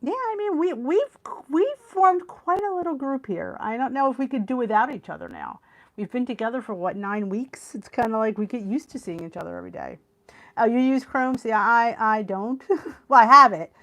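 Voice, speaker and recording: A woman's voice: a little high, animated, moderate pace, fairly bright tone. A middle-aged woman with a Philadelphia accent, hosting a live stream and chatting with viewers, laughing often. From Philadelphia area, US. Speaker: weight loss channel host.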